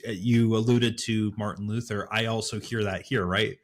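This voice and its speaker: A man co-hosting a casual Bible study podcast, talking in a thoughtful, animated way with frequent fillers. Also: fairly low pitch, moderate pace. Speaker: podcast co-host.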